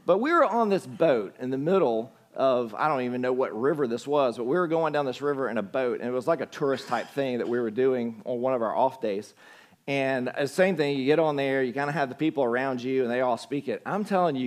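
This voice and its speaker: A man's voice: medium pitch, brisk. A young adult man with a Southern US accent, preaching a sermon as a pastor in a conversational storytelling manner.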